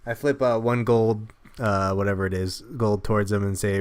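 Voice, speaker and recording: A man with a low voice plays in a tabletop game. He stammers and laughs easily as he talks. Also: steady tone, normal speed, clear, resonant tone. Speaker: player. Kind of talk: casual tabletop play.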